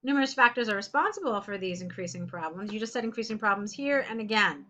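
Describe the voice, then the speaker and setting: A woman's voice: mid-range voice, animated, fast talker, pushed and bright. A woman English tutor reading a student's essay aloud and correcting it in a chatty, direct way.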